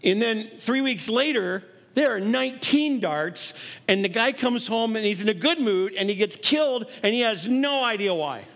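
A man's voice: high voice, expressive, normal speed, fairly bright tone. A man preaching a sermon in a conversational way, acting out little scenes and laughing along the way. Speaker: pastor.

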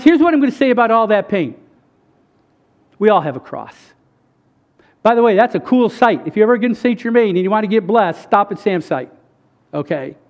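Man, high voice, earnest sermon testimony, emphatic, addresses the crowd, dull muffled recording. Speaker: speaker sharing a faith testimony.

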